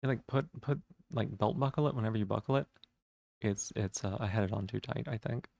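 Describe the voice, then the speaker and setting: A man's voice: fairly low pitch, fairly quick, creaky, darkish tone, no echo. A man chatting casually on a live stream, rambling with lots of fillers and restarts.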